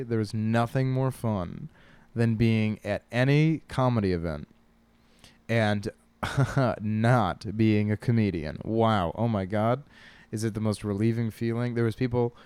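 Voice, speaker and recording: A man's voice: fairly low pitch, a little mellow, smooth, no room sound. A man, a stand-up comic, hosting a casual comedic monologue, rambling and profane and often laughing at his own jokes. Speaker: podcast host and stand-up comic.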